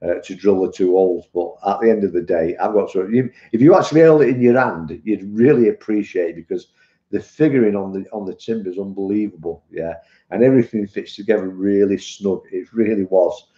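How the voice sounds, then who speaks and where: British male streamer, chatty, rambling, low mellow voice, muffled roomy sound. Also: a little fast. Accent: British English. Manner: rambling, chatty, addresses viewers as "mate". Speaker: vape reviewer and live streamer. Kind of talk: casual live-stream chat. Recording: muffled, echoey room.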